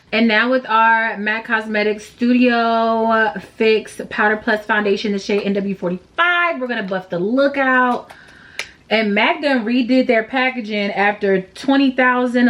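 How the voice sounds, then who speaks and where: A woman's voice: a little high, a little slow, fairly bright tone. A woman chatting through a makeup tutorial, candid and slangy, openly sad and emotional as she vents between steps. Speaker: makeup vlogger. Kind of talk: casual makeup tutorial chat.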